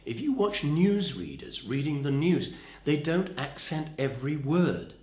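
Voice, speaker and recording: A man teaching how to stress the right words, with an expressive, demonstrative delivery. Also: fairly high pitch, unhurried, reverberant. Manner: expressive, demonstrative, shifts stress to show emphasis. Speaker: voice and speaking coach. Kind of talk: instructional talk.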